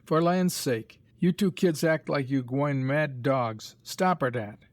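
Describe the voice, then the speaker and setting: A man's voice: on the high side, measured pace, no echo, clean studio sound, pitched above the performer's own voice, lightly acted. A man reading aloud, voicing a sarcastic older stable hand who scolds fighting boys. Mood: scolding. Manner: loud, scolding, heavy dialect.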